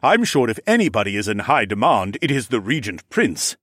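A man voicing a big, impatient but friendly ram lord in an audiobook, talking in a gruff, blustery way. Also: fairly low pitch, very animated, a little fast, fairly bright tone, dry recording, studio quality, heavily acted.

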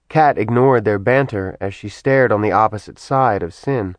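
A man reading a novel aloud in an even, measured narration. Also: on the low side, no room sound. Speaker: audiobook narrator. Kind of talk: scripted narration.

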